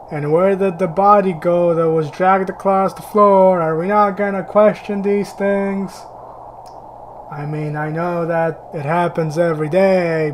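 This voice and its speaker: A man's voice: high-pitched, a little hiss or hum. A man playing through a game and commenting on it, giggling and mocking himself. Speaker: gaming channel host. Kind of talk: let's play commentary.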